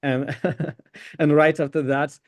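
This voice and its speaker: A young man co-hosting an online call, chatting casually and joking in a slow, easygoing way. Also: on the high side, level tone. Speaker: event co-host. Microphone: video call.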